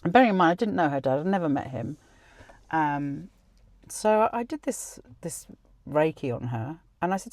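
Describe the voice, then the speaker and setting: A woman's voice: sits low, expressive, moderate pace, a little mellow, no echo. Chatty woman telling a story. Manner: chatty, many restarts and quoted dialogue. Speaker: podcast host. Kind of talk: personal storytelling.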